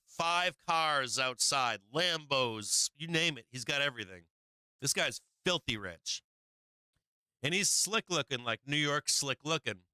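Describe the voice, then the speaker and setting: A man's voice: fairly high pitch, sharp tone, smooth, no echo. A man hosting a live stream, telling a rambling, profane story in a casual way, repeating himself and chuckling as he goes. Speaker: live-stream market show host.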